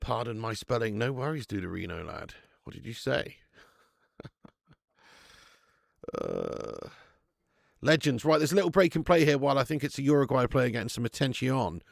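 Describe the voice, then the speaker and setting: A man's voice: medium pitch, very animated, moderate pace, creaky, long pauses, no room sound, studio quality. A man hosting a live football watch-along, swearing and laughing as he bants with viewers in the chat.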